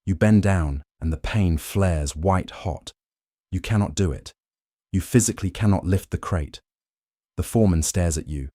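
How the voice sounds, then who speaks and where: A man narrating a bedtime history story in second person, calm and even. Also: low-pitched, moderate pace, dry recording, studio quality.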